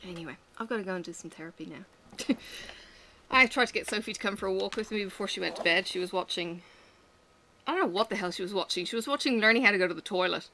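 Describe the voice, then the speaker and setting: A woman's voice: medium pitch, quick pace, bright, forceful tone, slight background noise. A middle-aged woman chatting candidly and rambling as she works, swearing freely. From Australia. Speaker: vlogger. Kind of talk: casual chat while working.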